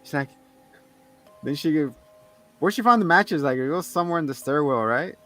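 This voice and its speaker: Animated man retelling a movie scene. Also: a little high, moderate pace, faint music behind. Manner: animated retelling of film scenes, frequent laughs and swearing. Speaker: podcast co-host. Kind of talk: casual movie-review banter.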